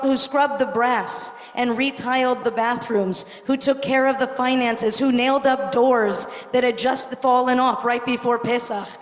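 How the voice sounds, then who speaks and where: A middle-aged woman rabbi giving a gala tribute speech, earnest with touches of self-deprecating humor. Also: a little high. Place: large banquet hall. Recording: echoey hall with crowd murmur. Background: faint crowd noise.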